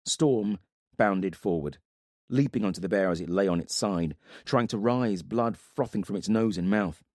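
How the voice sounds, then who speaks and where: A man narrating a fantasy audiobook in a dramatic, steady manner. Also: on the low side, normal speed, dry recording, clean studio sound.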